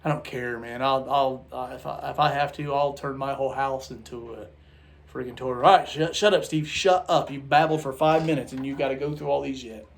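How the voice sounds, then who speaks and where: A man at a middle pitch talks through his toy collection in a loose, casual vlog. He is tired from the late hour and rambles, stumbling and restarting his sentences as he goes. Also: fairly even intonation, a little fast, creaky.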